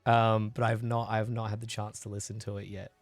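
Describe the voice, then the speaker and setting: A man hosting a livestream chats loosely with viewers, reading and replying to their messages, while recovering from a chest infection that makes him cough now and then. He speaks a little fast in a lowish voice with little pitch movement, over soft background music.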